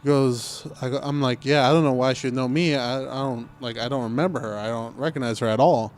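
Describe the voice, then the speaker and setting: A man's voice: mid-range voice, steady tone, a little fast, a little hiss or hum. A young man telling a casual story on a podcast recorded in a car, acting out what people said. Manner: laid-back storytelling, acts out quoted talk. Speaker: podcast co-host. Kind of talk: casual chat.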